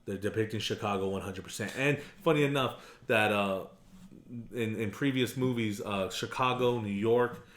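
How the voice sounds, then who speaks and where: A man's voice: fairly low pitch, normal speed. Casual male podcast host, echoey room. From Arizona. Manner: animated, laughs often, puts on silly voices. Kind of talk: casual chat.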